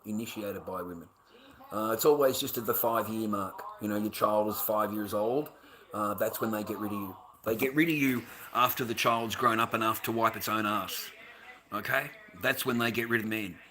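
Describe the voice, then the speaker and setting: Australian dad, fired-up ranting vlogger, sharp bright tone, swears a lot. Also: male voice, lowish voice, steady tone, normal speed. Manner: heated, swearing, rants, calls the listener "mate". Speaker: vlogger, father. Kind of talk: ranting monologue to camera.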